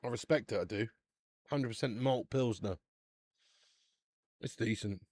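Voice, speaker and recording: Chatty football watch-along host. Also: male voice, on the low side, measured pace, darkish tone. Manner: chatty banter, swears freely, calls everyone mate. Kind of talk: casual live football watch-along chat.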